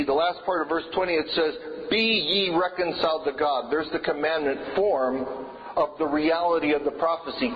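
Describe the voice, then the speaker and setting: A man's voice: high voice, a little hiss or hum. A man preaching a sermon, earnest and emphatic, repeating his key phrases. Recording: dull lo-fi sound with long reverb in a hall.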